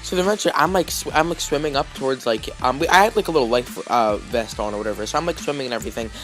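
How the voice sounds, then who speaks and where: A man's voice: medium pitch, rapid-fire, a bit bright, soft background music. A man vlogging, telling a story casually with lots of fillers, restarts and "like"s. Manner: rambling, heavy with fillers and restarts.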